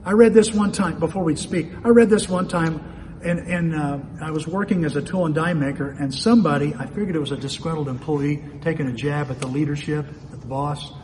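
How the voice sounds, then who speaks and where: A man's voice: on the high side, fairly quick, darkish tone. A man preaching a sermon in a folksy way, often asking himself questions aloud. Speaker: pastor. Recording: long reverb of a hall, faint ambient noise.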